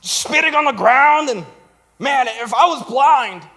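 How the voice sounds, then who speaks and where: On a church stage, a young male pastor with an extremely high-pitched voice delivers a comedic sermon at an unhurried pace. He tells stories animatedly and acts out other people's voices.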